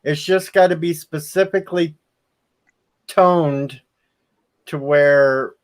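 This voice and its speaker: A man's voice: fairly high pitch, slow. A man in casual chat on his stream, quippy and teasing.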